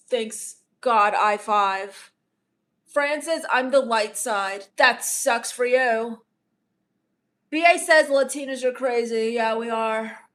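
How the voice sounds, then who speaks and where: Snarky and dismissive, a woman reads viewer comments aloud in character as a bratty, self-centered teen livestreamer. She is a comedian doing improvised livestream comedy, and her voice is a little high and a bit bright.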